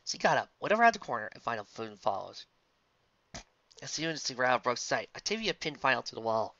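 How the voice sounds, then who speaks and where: Low-voiced woman narrating a story. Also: sing-song, a little fast, fairly bright tone, dry recording, dull audio. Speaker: fan fiction reader.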